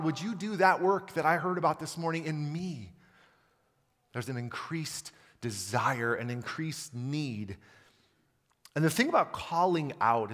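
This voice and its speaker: Animated man preaching in a reverberant church. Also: mid-range voice. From Montana. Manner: animated, talks to the congregation and asks them questions. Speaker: pastor. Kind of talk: sermon. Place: church sanctuary. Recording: long reverb of a church hall.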